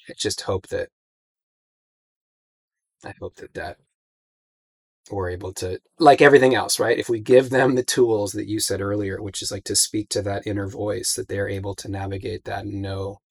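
Husky, reflective man on a podcast. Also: on the low side, no echo. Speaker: podcast guest. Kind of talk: candid podcast conversation.

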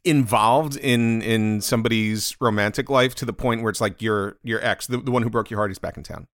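A man's voice: on the low side, steady tone, fairly quick, a bit bright, no room sound. A man co-hosting a podcast, talking in a laid-back way with dry humor. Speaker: podcast co-host. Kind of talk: casual comedic chat.

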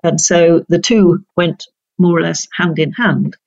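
An older woman from North Yorkshire, a retired judge, telling stories in an interview in a measured, precise way with frequent laughter. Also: on the low side, steady tone, creaky, darkish tone, dry recording, dull audio. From North Yorkshire, England. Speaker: guest, retired senior judge. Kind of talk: reflective interview storytelling.

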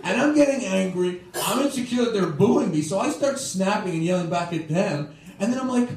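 A man's voice: sits high, lively intonation, normal speed, darkish tone, a little hiss or hum. A young man from Toronto doing a stand-up set, rambling loosely and tagging lines with "right?" and "okay?". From Toronto, Canada. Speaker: stand-up comedian. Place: comedy club stage. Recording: live club recording, roomy and distant. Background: audience laughing.

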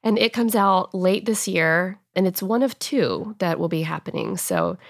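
A woman's voice: on the low side, sing-song, measured pace, no room sound, clean studio sound. A woman in her thirties, a guest talking earnestly and emotionally in a casual interview, at times choked up. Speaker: guest author.

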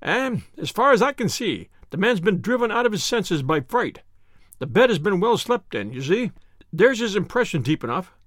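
A man's voice: sits high, big pitch swings, a bit bright, no echo, studio quality, heavily acted. A man doing a hearty police inspector. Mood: matter-of-fact. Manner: hearty, brisk, plain-spoken. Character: hearty male police inspector, matter-of-fact.

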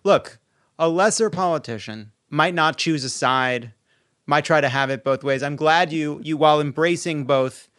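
A man hosting a comedic political show, energetic and sarcastic. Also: a little high, smooth, no echo, studio quality. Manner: sarcastic, energetic, quick jokes. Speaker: podcast host.

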